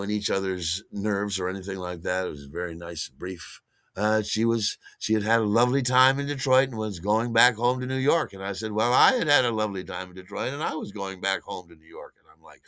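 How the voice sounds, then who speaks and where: Animated bright-voiced male storyteller. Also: fairly low pitch, no room sound. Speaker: podcast host. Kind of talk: casual storytelling monologue.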